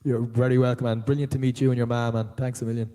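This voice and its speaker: An Irish man, a voice actor answering fan questions at a live convention panel, telling stories in an animated way. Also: mid-range voice, quick pace. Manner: animated storyteller, jumps into voices of others. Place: large auditorium, live.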